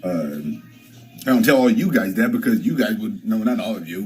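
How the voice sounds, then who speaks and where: A young man hosting his own livestream, telling a story in a rambling, profane way with lots of halting restarts. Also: on the low side, lively intonation, dark tone, faint music behind, rough recording. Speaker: livestream host. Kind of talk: casual livestream chat.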